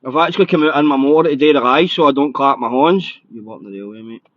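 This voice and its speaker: A Scottish man hosting a live podcast in casual chat, excitable and a little nervous, swearing freely. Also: medium pitch, quick pace, no echo, muffled recording. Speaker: podcast host.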